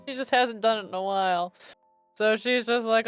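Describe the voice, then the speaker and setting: A woman's voice: a little high, normal speed, smooth, no room sound. A woman playing a tabletop game, talking casually and laughing often, in a dull lo-fi recording with faint music. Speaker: player.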